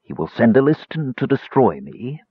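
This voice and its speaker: A man voicing a young male mage who speaks softly with cynical, mocking sarcasm. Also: medium pitch, very animated, normal speed, husky, no echo, pitched above the performer's own voice. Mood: sneering. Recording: dry, slightly dull recording.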